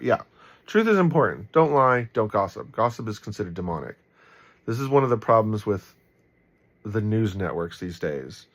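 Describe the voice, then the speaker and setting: A man giving casual Bible commentary in a relaxed, rambling way, full of ums and likes, with a warm, encouraging tone. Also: on the low side, normal speed.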